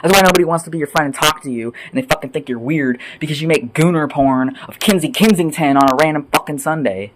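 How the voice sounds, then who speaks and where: A man ranting off the cuff as a vlogger, angry and sweary, rambling between loud outbursts and low mutters. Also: fast, hardly any pauses, background noise. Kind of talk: profane off-the-cuff rant.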